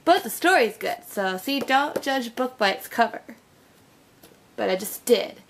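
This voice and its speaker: High-voiced bubbly young woman. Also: animated, measured pace, a little hiss or hum. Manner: chatty and bubbly, with many fillers. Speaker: book vlogger. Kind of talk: casual bookshelf tag vlog.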